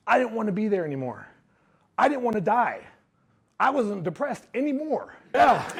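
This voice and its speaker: A man giving a motivational talk to a live audience, telling his story in an animated way and acting out what others said. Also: very high-pitched, slightly rough. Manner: animated storyteller who acts out quotes. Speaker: speaker.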